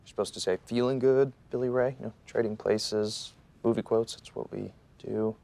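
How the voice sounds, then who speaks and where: An actor playing an eager, playful young male lawyer who talks with excitement. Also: on the low side, normal speed, vocal fry. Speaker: junior lawyer. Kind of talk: TV drama acting.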